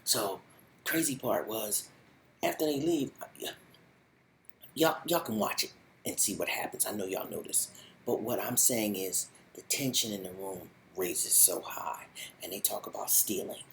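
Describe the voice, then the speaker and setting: A man giving a casual spoken review of a TV show in animated, slangy, rambling storytelling. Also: on the low side, measured pace, slight background noise, rough recording.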